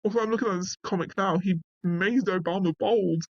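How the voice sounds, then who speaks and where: A man's voice: high voice, brisk, no room sound, highs cut off. A man reading passages from an online article aloud and reacting to them bluntly in casual commentary, cursing now and then.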